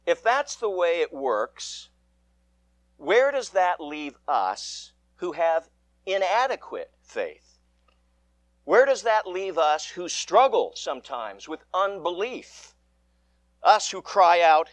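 A man reading the gospel aloud and preaching a sermon in church, measured and with dramatic emphasis. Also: high voice, big pitch swings, no room sound. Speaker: pastor.

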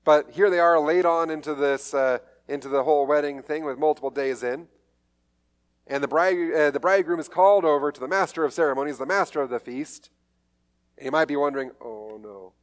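A man's voice: fairly high pitch, fairly quick. A man preaching a sermon, retelling a story in a conversational way with light humor. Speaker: pastor.

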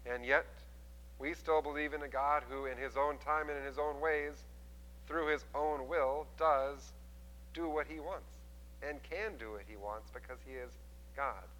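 A man preaching a sermon as a pastor, telling the story with animated delivery and acting out the quoted voices. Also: mid-range voice, a little slow, in a large hall, low-quality recording.

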